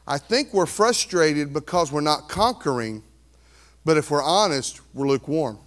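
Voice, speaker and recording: Brief: energetic male pastor, high voice, dramatic swings between hush and shout. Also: normal speed. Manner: animated, swings from quiet to near shouting, conversational asides. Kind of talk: sermon.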